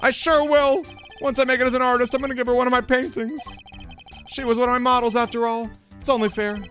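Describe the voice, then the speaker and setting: Man putting on a whiny, excitable young artist guy. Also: very high voice, quick pace, soft background music, voice pushed up. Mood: eager. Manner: whiny, pleading, dramatic.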